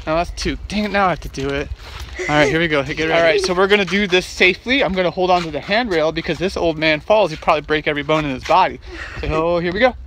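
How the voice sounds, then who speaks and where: A man's voice: a little high, fast talker, fairly bright tone, a little hiss or hum. A middle-aged man vlogging on a hike, joking and teasing himself in a playful, casual way. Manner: joking, self-mocking, playful. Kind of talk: casual vlog chat. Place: outdoors at a state park.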